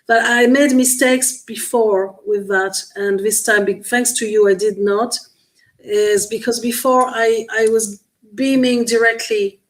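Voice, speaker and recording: A woman's voice: mid-range voice, poor audio. A woman guest in a conversational interview, explaining earnestly while searching for words with frequent restarts. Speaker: guest experiencer.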